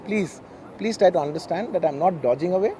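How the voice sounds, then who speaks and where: A man's voice: high-pitched, fairly quick, background noise. A man with an Indian English accent, a native Telugu speaker, giving an emotional, earnest statement at a press conference as a film actor, often repeating himself.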